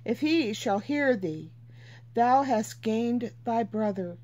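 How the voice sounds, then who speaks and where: Slow, earnest woman teaching scripture. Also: a little high, lively intonation, a little mellow. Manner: earnest, unhurried, repeats for emphasis. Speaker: Bible teacher. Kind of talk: informal Bible reading and teaching.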